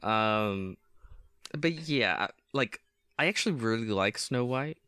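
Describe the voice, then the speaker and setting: A man's voice: medium pitch, animated, takes it slowly, pushed and bright, smooth, no room sound, clean studio sound. A man co-hosting a podcast in casual chat, hesitant with frequent ums and restarts, laughing often. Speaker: podcast co-host.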